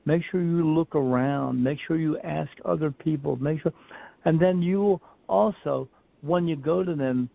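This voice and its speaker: A man with a gravelly, fry-laced voice talks through a remote interview, drifting from point to point and playing out little scenes. The sound is narrow and tinny, like a phone call. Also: a little high, moderate pace, dry recording. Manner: rambling storyteller, repeats and restarts, acts out quotes. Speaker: medium, podcast guest. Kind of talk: casual interview talk.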